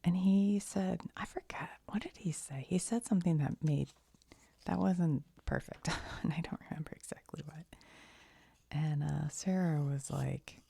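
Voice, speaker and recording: A woman chatting in soft-spoken ASMR style, rambling and giggly as she drifts between quiet speech and whispers. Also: low-pitched, unhurried, creaky, slightly rough. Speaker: ASMR creator.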